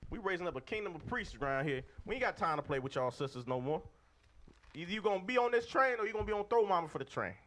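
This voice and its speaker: Preacher guy, high voice that jumps all over, calling for verses and pushing the men hard. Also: big pitch swings, fast, a bit bright. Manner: emphatic, calls for readings, call-and-response. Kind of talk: street-style sermon to a group of men.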